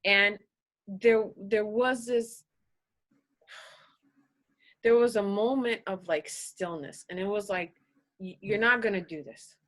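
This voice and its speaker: A woman shares a painful personal story as a podcast guest, earnest and halting, with frequent restarts. She sounds emotional and close to tears. Her voice is bright and sharp, pitched in a middle range.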